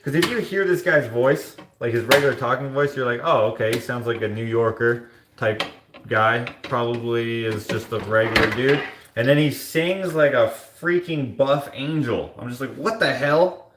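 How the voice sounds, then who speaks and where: A man's voice: normal speed, reverberant, background noise. A man hosting a live stream, chatting casually and reading out viewer comments with jokey asides. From Canada. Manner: rambling, jokey, mock-sings in a high voice. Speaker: livestream host.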